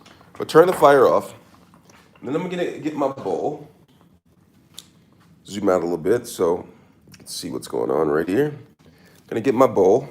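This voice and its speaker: A man's voice: medium pitch, big pitch swings, moderate pace, pauses often. A man doing a casual cooking demo in his kitchen, hamming it up with mock-serious tips and repeated catchphrases. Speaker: cooking vlogger. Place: home kitchen.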